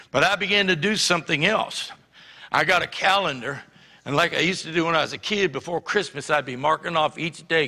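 Brief: male pastor, raspy bright voice, lively testimony from the pulpit, reverberant hall. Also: on the high side. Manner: animated storytelling, acts out quotes. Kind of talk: sermon testimony. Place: church sanctuary.

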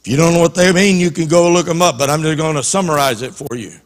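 A man's voice: fairly high pitch, fast, long reverb tail. A man preaching a passionate sermon as a pastor in a church, often repeating and restarting his words.

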